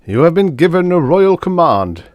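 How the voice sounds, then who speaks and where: A jittery court servant in an audiobook, pushing his words out high and breathless, as a man puts him on. The voice jumps well above the reader's own and rings out loudly. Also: very animated, normal speed, no room sound, muffled recording. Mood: officious.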